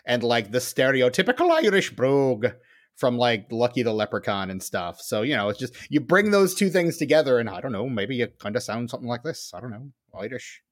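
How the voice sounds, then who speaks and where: A man's voice: medium pitch, sing-song, brisk. A man co-hosting a podcast in casual chat, joking and rambling with lots of fillers. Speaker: podcast co-host.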